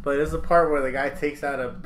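A man in casual podcast chat, animated, swearing and acting out quotes. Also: on the high side, quick pace, a little hiss or hum. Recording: roomy echo.

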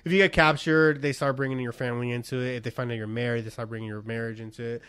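A man's voice: mid-range voice, little pitch movement, very fast, a bit bright, clear, resonant tone. A man in his thirties telling a bar story in casual chat, acting out the quotes, laughing and swearing freely. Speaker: podcast co-host.

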